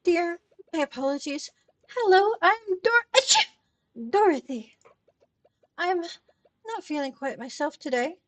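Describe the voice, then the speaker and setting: A woman's voice: very high-pitched, expressive, a little slow, pauses often, a bit bright, dry recording, recorded from a distance, pitched above the performer's own voice, full character voice. A woman voicing a sneezy, apologetic older woman who runs a shop in a cozy game, reading the dialogue aloud and breaking it with acted sneezes. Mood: flustered.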